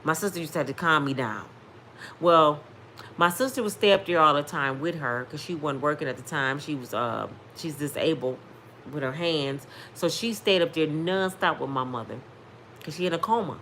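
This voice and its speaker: A woman in her fifties tells a personal testimony straight to her viewers, emphatic and preacher-like. Her voice sits on the low side for a woman. A faint hiss runs under the recording. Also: normal speed, a bit bright. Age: 50s. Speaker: vlogger sharing testimony. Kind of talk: casual storytelling testimony.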